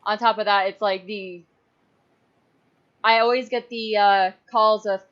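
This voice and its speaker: A woman's voice: mid-range voice, steady tone, a little slow, a bit bright, muffled recording. A woman hosting a casual podcast chat, talking candidly and swearing casually. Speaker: podcast host.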